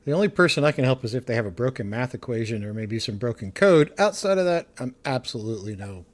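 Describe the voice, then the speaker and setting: A man joining a livestream as co-host, chatting casually, self-deprecating and quick to laugh. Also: medium pitch, animated. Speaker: co-host guest.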